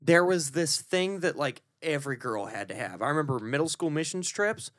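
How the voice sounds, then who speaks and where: A man co-hosting a podcast, joking in animated casual chat and slipping into quick put-on voices. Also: on the high side. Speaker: podcast co-host.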